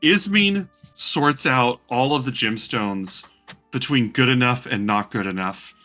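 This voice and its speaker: A man narrating as game master for a tabletop game in a relaxed, rambling way. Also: medium pitch, measured pace, soft background music.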